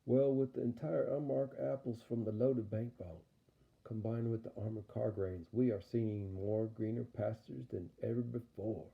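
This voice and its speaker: A man's voice: lowish voice, fairly even intonation, normal speed, creaky. A man voicing a sulky male talking horse in a gang of robbers, in an audio story. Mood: pleased. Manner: grumbling, put out. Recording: dull lo-fi recording.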